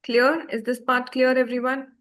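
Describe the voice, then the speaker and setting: A woman's voice: sits high, flat delivery, moderate pace, fairly bright tone. A woman teaching a beginner French class online over a video call, patiently checking that her students follow. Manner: patient, checks often for understanding.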